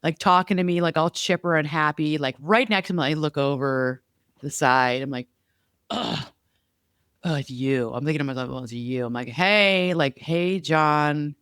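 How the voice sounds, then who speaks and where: Smooth-voiced animated woman podcaster. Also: low-pitched, moderate pace, dry recording, clean studio sound. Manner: animated storyteller, lively and chatty. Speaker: podcast co-host. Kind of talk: casual podcast conversation.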